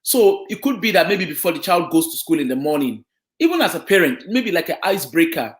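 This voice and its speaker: Lively high-pitched man explaining to parents. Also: brisk. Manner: explanatory, checks in with listeners. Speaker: children and family social worker. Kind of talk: community talk on parenting. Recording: echoey room.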